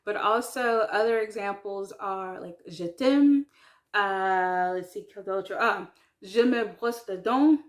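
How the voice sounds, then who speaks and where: Chatty woman learning French. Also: medium pitch. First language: English. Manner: chatty, self-deprecating, many ums and likes, slow careful French words. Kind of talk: casual talk to camera.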